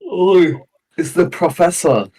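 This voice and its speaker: A man's voice: a little high, takes it slowly, mellow, slightly rough. A man playing in a tabletop game, talking loosely and swearing casually as he fumbles for names. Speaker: player. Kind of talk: casual chat.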